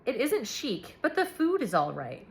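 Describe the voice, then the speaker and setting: A woman's voice: on the high side, wildly swooping pitch, measured pace, gravelly, heavily acted. Woman reading as a blunt, worldly French woman. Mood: dry.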